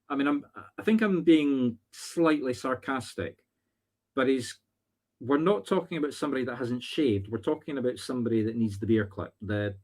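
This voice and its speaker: Very animated and a little mellow, this medium-pitched male voice belongs to a spiritual medium from Scotland. He does psychic readings on a live stream at a moderate pace, chatting, musing aloud and teasing along the way.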